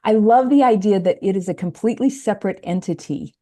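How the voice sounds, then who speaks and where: Woman coach, warm mellow tone, earnest step-by-step podcast explainer. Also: medium pitch, a little fast. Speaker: life coach guest. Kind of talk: podcast conversation.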